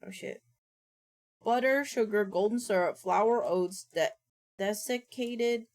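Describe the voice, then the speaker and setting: A woman's voice: mid-range voice, takes it slowly, a little mellow. A woman streamer chatting casually and thinking aloud, often mumbling to herself at a desk microphone. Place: home streaming setup.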